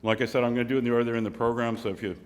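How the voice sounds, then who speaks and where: A man's voice: medium pitch, little pitch movement, very fast. A man organizing an investor conference, giving a casual talk with lots of restarts and rambling phrasing. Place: conference hall. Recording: echoey hall reverb.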